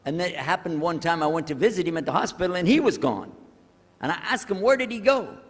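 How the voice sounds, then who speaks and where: An older man telling a personal story to an audience, animated and acting out the people in it. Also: fairly high pitch, quick pace, slightly rough. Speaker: speaker telling his conversion story. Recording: echoey hall.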